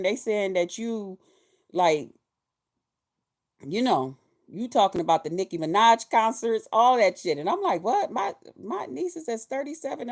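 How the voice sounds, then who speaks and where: Woman in her 50s ranting on her vlog, swears a lot, pitch jumps all over. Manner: animated, profane, laughing. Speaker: vlogger. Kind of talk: casual commentary vlog.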